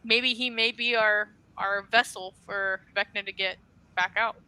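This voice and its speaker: A woman's voice: medium pitch, fairly even intonation, a little slow, bright, forceful tone, clean tone, no room sound, low-quality recording. A woman co-hosting a podcast, chatting casually and emphatically, swearing now and then. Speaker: podcast co-host. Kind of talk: casual chat.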